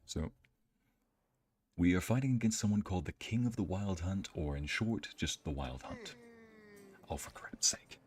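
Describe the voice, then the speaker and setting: A man's voice: low voice, expressive, moderate pace, darkish tone. A man streaming a video game, chatting casually with viewers, reading their messages aloud and joking around. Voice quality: playful, chatty, reads chat aloud and jokes. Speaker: streamer and narrator. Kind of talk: casual live-stream commentary. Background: game music.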